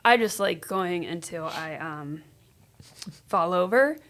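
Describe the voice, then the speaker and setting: A woman speaks slowly and without hurry in a casual chat. She pauses and hesitates with fillers as she explains. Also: on the low side, expressive, a bit bright.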